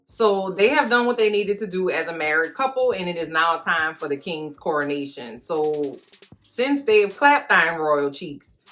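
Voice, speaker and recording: A woman with a low voice recaps a TV series for her vlog in a loose, comedic way. She piles on slang and jokes as she goes, and faint music plays behind her. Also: unhurried. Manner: animated, slangy, cracking jokes. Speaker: recap vlogger. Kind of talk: comedic watch-along recap.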